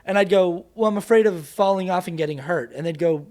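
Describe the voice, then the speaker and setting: Animated man telling a lively story. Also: high-pitched, a little fast. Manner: animated, laughing, acts out quotes in raised voice. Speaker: guest actor and creator. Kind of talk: casual podcast storytelling.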